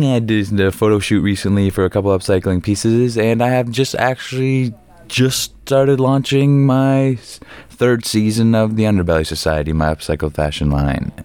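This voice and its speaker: A young man hosting his own podcast alone, rambling through a casual story full of swearing, with sudden loud bursts. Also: lowish voice, clean tone, no echo. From Canada. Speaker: podcast host. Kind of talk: casual solo podcast monologue.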